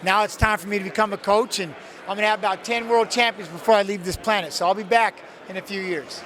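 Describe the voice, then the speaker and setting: A man's voice: high-pitched, fast talker. A middle-aged man telling an emotional story as an interview guest, acting out his own quotes, outdoors. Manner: animated, acts out his own quotes, swears. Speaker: interview guest, retired fighter.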